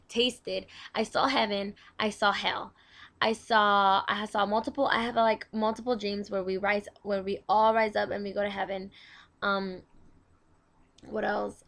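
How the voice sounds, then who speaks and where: Young woman host, bright tone, casual devotional read, chatty, trips over words. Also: mid-range voice. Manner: chatty, stumbling over words while reading aloud.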